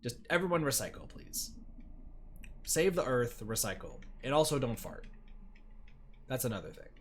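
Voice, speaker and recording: A man's voice: medium pitch, expressive, moderate pace, fairly bright tone, slight background noise. A man streaming a game, joking and chatting casually while reading the story aloud. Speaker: let's play streamer.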